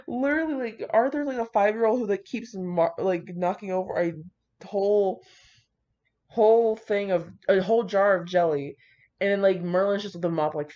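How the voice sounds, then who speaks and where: A woman's voice: mid-range voice, brisk, a little mellow. A young woman reading fan fiction aloud and breaking off into giggly, profane, gushing asides, on a dull lo-fi home recording. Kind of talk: casual reading and reacting.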